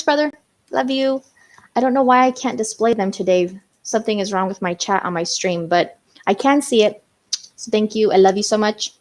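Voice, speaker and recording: A young woman hosting a casual live stream, chatting with viewers and reading out their comments, with lots of "um" and "you know". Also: medium pitch. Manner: chatty, reads out viewer comments, many fillers.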